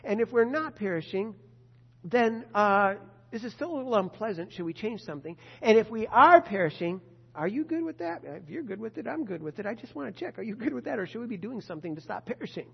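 A man preaching a sermon in a conversational way, asking rhetorical questions with animated swings in loudness. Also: high-pitched, brisk, creaky, husky. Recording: muffled lo-fi recording in reverberant hall.

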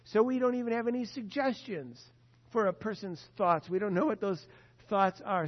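High-voiced preacher in an echoing hall. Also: male voice. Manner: earnest, emphatic, repeats key points. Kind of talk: sermon. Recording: dull lo-fi sound with long hall reverb.

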